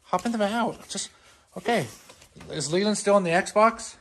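A man's voice: high-pitched, normal speed, a bit bright. A man casually narrating family errands to the camera for a vlog, speaking in an easygoing, offhand way. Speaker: parent vlogging family errands. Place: inside a moving car. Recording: noisy car interior.

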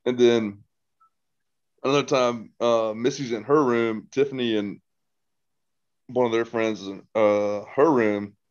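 Casual male storyteller, low pitched, swears and rambles, muffled lo-fi recording. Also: a little mellow. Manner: rambling ghost story with restarts, swearing and quoted voices. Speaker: podcast guest, host's brother.

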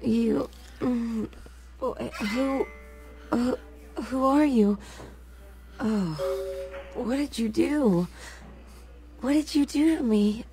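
A woman's voice: fairly high pitch, drawn-out words, long pauses, music in the background. An actress playing a frightened young woman dying in a hospital, pleading weakly, in video game voice acting.

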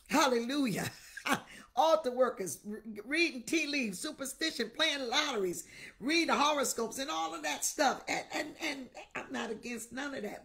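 A middle-aged woman bishop preaching a Pentecostal sermon, crying out in tongues, shouting and weeping, then dropping to a whispered appeal. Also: high voice, normal speed. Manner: drops to intimate whispered exhortation.

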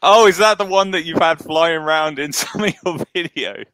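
A man's voice: fairly high pitch, normal speed, a bit bright, no echo. A man hosting a podcast, chatting casually and laughing along with short encouraging replies. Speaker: podcast host.

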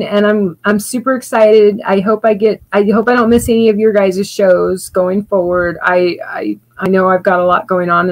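A woman's voice: mid-range voice, rough recording. Rambling, chatty Southern-raised woman. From Louisiana, US South. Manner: rambling and chatty, with frequent restarts and laughter. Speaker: livestream host and spoken-word poet. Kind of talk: casual livestream sign-off.

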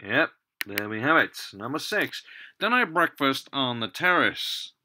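A man's voice: medium pitch, big pitch swings, unhurried, sharp tone, a little hiss or hum. A man teaching a language lesson, explaining patiently while typing at a computer. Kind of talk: screen-recorded language lesson.

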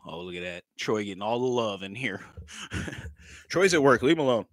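A man's voice: mid-range voice, very animated, moderate pace, a bit bright, no room sound. A man, chatting casually on a livestream, joking, laughing often and swearing freely. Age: 30s. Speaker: livestream vlogger.

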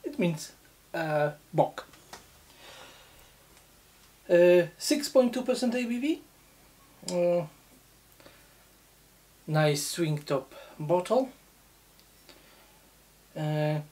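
Slow, halting low-voiced woman reviewing beer. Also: lively intonation, warm tone. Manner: slow, halting, many fillers. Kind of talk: casual beer tasting review.

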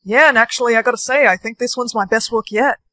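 A woman playing a shy young man who is a sweet, history-loving soulmate, soft-spoken and apologetic. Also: a little high, fast, no room sound. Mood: sheepish. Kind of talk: TikTok POV skit acting.

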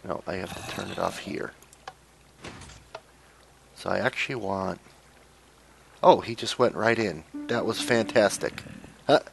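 A young man with a gravelly, low voice talks through a game in a loose, joking commentary, coaxing and cajoling the characters. A faint hiss sits under the recording. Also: a little slow, long pauses. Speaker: let's play gamer. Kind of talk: casual gameplay commentary.

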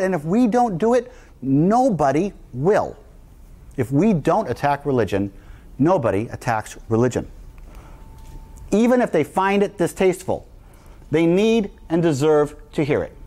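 A middle-aged man from New Jersey speaks to a live audience in a high, lively voice. He is emphatic and repeats his key lines to drive them home. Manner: emphatic and repetitive, hammering points home. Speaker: guest speaker. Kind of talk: public talk to a live audience.

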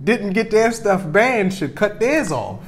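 A woman co-hosting a casual podcast chat, playful and expressive, with slangy banter. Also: mid-range voice, measured pace, a little hiss or hum. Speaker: podcast co-host.

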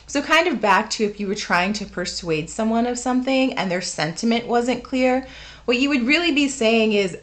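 A woman from the United States talks through the meaning of a word like a teacher at her desk. Her voice sits a little high, and she keeps it casual and conversational, full of asides and fillers. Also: expressive, moderate pace. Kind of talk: unscripted casual explanation to camera.

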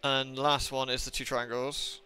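A man's voice: medium pitch, little pitch movement, unhurried, bright, forceful tone, smooth, faint music behind. A young man streaming a game live, rambling to chat with lots of swearing and exasperated asides. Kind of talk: casual live-stream chat while gaming.

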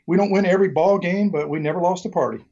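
In a casual interview, a middle-aged Southern-accented man from Mississippi rambles through joking stories, stumbling over ums and starting over often. His voice is high-pitched, fast, warm, and breathy, on dull-sounding audio.

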